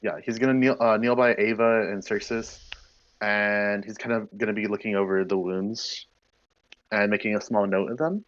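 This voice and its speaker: A man's voice: fairly low pitch, steady tone, normal speed, fairly bright tone, lo-fi sound. A man playing a tabletop game, describing his character hesitantly with many fillers and polite apologies. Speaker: player.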